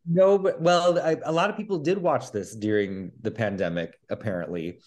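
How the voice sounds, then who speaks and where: A man co-hosting a podcast, chiming in with quick, wry comments in casual chat. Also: medium pitch, steady tone, darkish tone. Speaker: podcast co-host.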